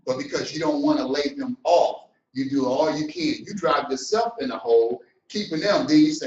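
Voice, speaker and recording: Animated man coaching, high voice, roomy. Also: normal speed, few pauses, a little hiss or hum. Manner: animated, preacher-like, swings loud and soft. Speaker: business coach. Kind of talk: motivational talk. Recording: roomy, distant, dull sound.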